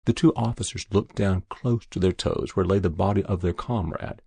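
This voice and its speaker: A man narrating a short story in a slow, measured reading. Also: low voice, gravelly, dark tone, breathy edge, no echo.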